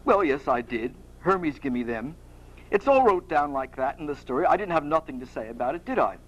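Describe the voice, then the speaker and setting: A man reading aloud, voicing a boastful young hired hero in a rough, slangy manner. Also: on the high side, normal speed, natural voice, rough recording.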